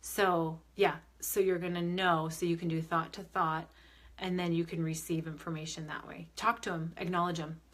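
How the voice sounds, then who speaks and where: A woman's voice: fairly low pitch, level tone, normal speed, a bit bright. A young adult woman medium hosting a live stream, talking to viewers through a phone or webcam. She is upbeat and chatty, reads comments aloud and answers them, with plenty of fillers and restarts. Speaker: medium and spiritual advisor. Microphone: phone or webcam on a live video stream.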